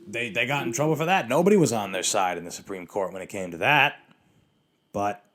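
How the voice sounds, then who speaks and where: Guy doing a solo podcast rant, kinda low voice, sarcastic, swears a lot, hiccuping. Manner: rambling, sarcastic, profane, with many restarts and fillers. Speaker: podcast host.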